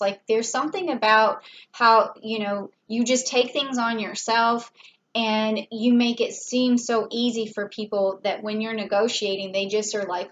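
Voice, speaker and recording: A tarot reader with a fairly high, somewhat bright voice speaks unhurriedly in a steady tone, chatting through a casual reading with fillers and small laughs. The audio is poor, with slight background noise.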